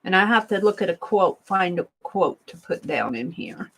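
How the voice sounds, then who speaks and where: A woman hosting an art journaling stream, chatting casually to herself and viewers as she paints, with soft murmured asides. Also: lowish voice, expressive, normal speed, low-quality recording. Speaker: art journaling livestream host. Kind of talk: casual crafting narration.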